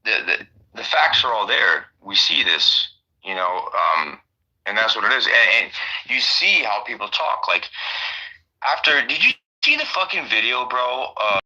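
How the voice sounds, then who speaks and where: A man's voice: on the low side, very animated, moderate pace, pushed and bright, muffled recording. A man in casual chat, rambling and swearing with lots of fillers. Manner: rambling, profane, many fillers.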